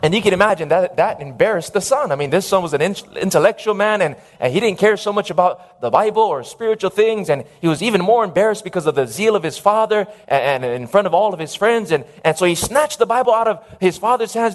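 Male preacher, high-pitched, animated sermon delivery with calls for amen. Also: brisk, hardly any pauses.

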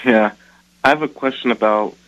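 A man calling in to a radio show, asking a question slowly and thoughtfully. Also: medium pitch. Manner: thoughtful, slow, searching for words. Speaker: caller. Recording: dull lo-fi phone line.

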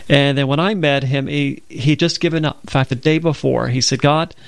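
A man's voice: a little high, steady tone, moderate pace, vocal fry, no room sound. Southern man discussing the Bible. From Alabama. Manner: earnest, quotes scripture at length. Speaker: radio Bible program host.

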